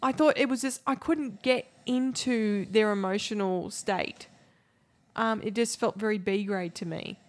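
A woman's voice: mid-range voice, unhurried. A middle-aged woman co-hosting a casual film chat, frank, laughing often and acting out quoted voices. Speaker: podcast co-host.

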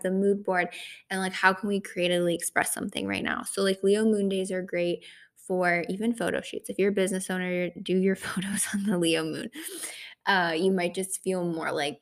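A young woman talks through her solo astrology podcast in a loose, chatty way, leaning on fillers and quick asides. Her voice has a gravelly, fry-laden texture at a middle pitch. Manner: chatty, full of "like" and "right?" fillers. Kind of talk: casual solo podcast talk.

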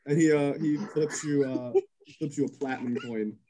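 A man's voice: fairly high pitch, fairly even intonation, crowd noise, poor audio. A man narrating chaos as game master of a tabletop game, cursing and filling gaps with ums. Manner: rapid, crude narration full of fillers.

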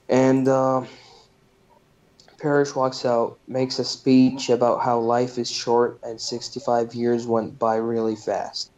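A podcast host casually recaps a movie's plot, loose and profane, with plenty of fillers. He has a mid-range, darkish voice, heard in a dull lo-fi recording.

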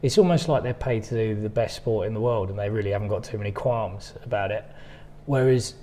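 A man co-hosting a podcast, telling rambling, animated stories in casual chat with many restarts. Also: fairly low pitch, a little fast, a little hiss or hum. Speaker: podcast co-host.

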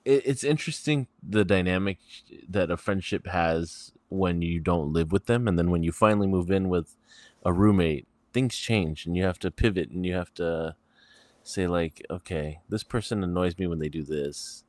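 A man's voice: low voice, moderate pace, a little mellow, no echo. A man co-hosting a podcast, telling anecdotes in casual chat and acting out the lines he quotes. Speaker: podcast co-host.

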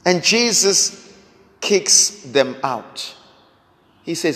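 A man preaching a sermon, slow and dramatic, building through repeated rhetorical questions. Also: high voice, expressive, a bit bright. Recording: long hall reverb.

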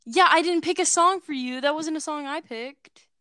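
A woman's voice: sits high, normal speed, sharp tone, dry recording, clean studio sound. A woman co-hosting a casual podcast, rambling with many fillers and teasing her partner. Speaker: podcast co-host. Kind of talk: casual chat.

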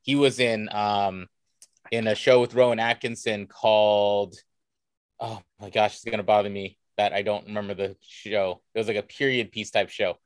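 A man's voice: fairly low pitch, level tone, normal speed, no echo. A man from the United States, a cosplayer guest, chatting casually and telling anecdotes with enthusiasm. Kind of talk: casual conversational storytelling.

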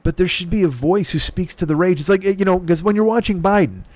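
A man's voice: a little fast, darkish tone, dry recording. A man, the host, delivering a heated, profane comedic political rant. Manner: heated, profane, sweeping swings in pitch.

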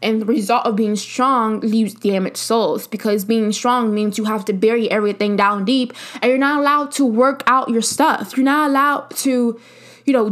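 A young adult woman talks through her solo podcast in a casual, heartfelt manner. Her voice sits a little high, and she leans on repeated phrases for emphasis. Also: fairly bright tone. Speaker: podcast host.

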